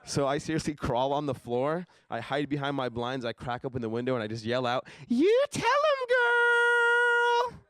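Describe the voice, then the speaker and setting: Young guy doing standup, deadpan, mumbles low asides, clean dry mic sound. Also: a little fast, few pauses, no room sound. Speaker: stand-up comedian. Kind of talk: stand-up comedy set. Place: stage at a live comedy show.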